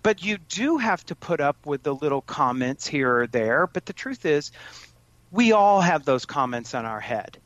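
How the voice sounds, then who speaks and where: A man speaks earnestly as a parenting coach, his voice a bit higher than most men's. He often stumbles and restarts his sentences. The recording sounds dull and muffled, with a dry, close feel. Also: sing-song, moderate pace, a bit bright, dry recording. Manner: earnest, with frequent restarts and stammered starts. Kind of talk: conversational advice.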